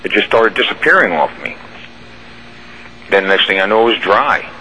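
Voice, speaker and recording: Male guest recounting an ordeal; bright, pushy voice, vivid and rambling. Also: on the low side, animated, moderate pace, slight background noise, poor audio. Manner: rambling, vivid storytelling with restarts. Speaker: radio show guest. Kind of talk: recounting a personal experience.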